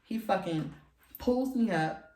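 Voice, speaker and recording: A woman telling a candid, animated story to her listeners, often laughing. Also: mid-range voice, takes it slowly, reverberant, recorded from a distance. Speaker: podcast host.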